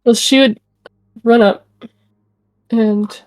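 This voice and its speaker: Woman tabletop player, slow and calm, dry close sound. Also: a little high, dry recording, soft background music, rough recording. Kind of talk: tabletop role-play chat.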